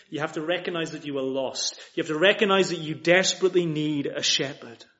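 High-voiced man preaching earnestly. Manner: earnest, swings from loud appeals to hushed quiet. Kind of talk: sermon. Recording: dull lo-fi recording.

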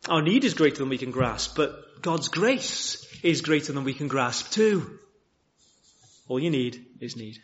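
A man preaching a sermon in a chapel, with lively rhetorical questions and frequent restarts. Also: medium pitch, a little slow, dull audio. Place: church chapel.

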